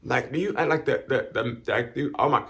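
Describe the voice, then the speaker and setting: A man speaking to camera in a halting, emotional way, repeating and restarting words as he holds back tears. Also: mid-range voice, fairly bright tone. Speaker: vlogger giving thanks. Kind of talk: emotional personal talk to camera.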